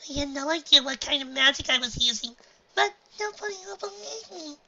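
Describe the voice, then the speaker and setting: A woman voicing an anxious, earnest young unicorn filly from a storybook, speaking in a high, hesitant, pleading way. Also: steady tone, brisk, crowd noise, natural voice. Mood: upset. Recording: dull lo-fi home recording.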